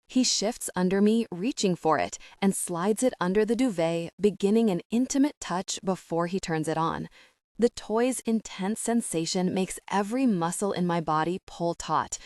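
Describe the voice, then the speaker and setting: A woman narrating a first-person romance audiobook in a soft, intimate way. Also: fairly low pitch, normal speed, dry recording, studio quality.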